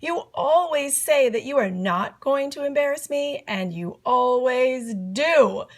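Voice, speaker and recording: A whiny, dramatic young boy , put on by a woman reading a storybook aloud, yelling his protests. The voice sits fairly high with a gravelly edge. He sounds thoroughly embarrassed and outraged. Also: lively intonation, unhurried.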